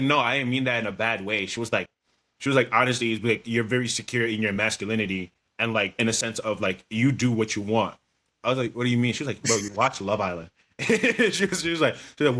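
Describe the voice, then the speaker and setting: A man's voice: medium pitch, fairly bright tone. A man co-hosting a podcast among friends, talking bluntly with slang and swearing. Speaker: podcast co-host. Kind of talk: casual chat among friends.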